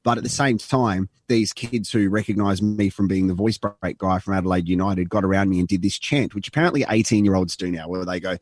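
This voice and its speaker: A man's voice: deep voice, fairly quick, hardly any pauses, darkish tone, dry recording, clean studio sound. An Australian man co-hosting a podcast, telling a long rambling anecdote and acting out the quotes. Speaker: podcast co-host. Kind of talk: casual storytelling.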